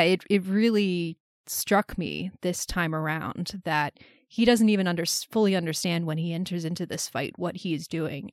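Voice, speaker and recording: Woman, podcast co-host, thoughtful, analytical, lowish voice, dry sound. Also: no room sound. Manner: reflective, analytical. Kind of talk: casual film discussion.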